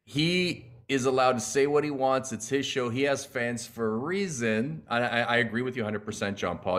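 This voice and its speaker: A man's voice: mid-range voice, a bit bright. A man guesting on a comedy podcast, jumping in with repeated words to make his point. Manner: interjecting, repeats words when cutting in. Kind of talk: casual comedy podcast chat.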